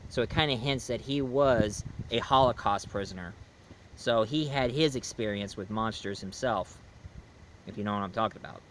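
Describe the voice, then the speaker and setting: A man's voice: on the low side, normal speed, slight background noise, poor audio. A man chatting through a casual video film review, rambling with many fillers and restarts. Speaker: movie reviewer.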